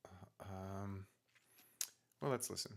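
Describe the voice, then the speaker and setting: A man working through takes of his own song on a studio microphone, talking himself through each attempt in soft, self-critical asides. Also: low voice, slow, vocal fry. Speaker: singer-songwriter teaching vocal practice. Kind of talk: casual talk-through of his own practice session. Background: guitar playing.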